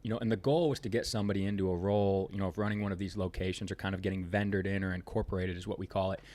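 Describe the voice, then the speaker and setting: A man's voice: sits low, fairly even intonation, very fast, a little mellow. A man, a business owner, talking as a podcast guest in a rambling, emphatic way, full of "you know" fillers. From Ohio, United States. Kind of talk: casual podcast conversation.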